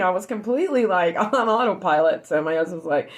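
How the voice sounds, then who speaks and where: Woman, emotional casual storytelling, lowish voice, shaken, repetitive, loud outbursts and low murmurs. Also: quick pace, few pauses. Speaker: streamer talking to her online group.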